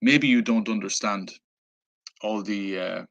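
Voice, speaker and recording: Low-voiced Irish man telling a story. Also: measured pace, gravelly, fairly bright tone, dull audio. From Ireland. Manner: rambling, many fillers and restarts. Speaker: travel vlogger. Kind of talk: casual anecdote telling.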